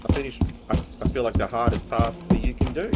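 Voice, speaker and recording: A young gaming streamer gives live commentary, swearing and ranting in frustration about bad loot. His mid-range voice is a little fast with fairly even intonation, heard over loud music and loud game sounds.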